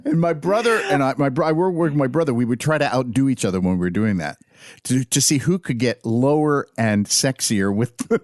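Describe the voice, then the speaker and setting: A man's voice: mid-range voice, animated, fairly quick, darkish tone, no room sound, studio quality. A man co-hosting a podcast, telling stories with laughs and agreeing readily. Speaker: podcast co-host. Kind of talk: casual conversational podcast.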